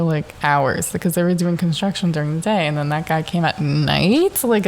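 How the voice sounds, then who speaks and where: A young adult woman hosting a casual solo podcast from her home in Southern California. She tells stories in a profane, animated way and laughs often. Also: fairly low pitch. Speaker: podcast host.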